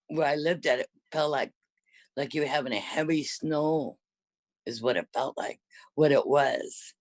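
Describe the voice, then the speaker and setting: An older woman speaks low-pitched, with no room sound around her. Reminiscing casually, she wanders through her stories and keeps correcting herself mid-sentence.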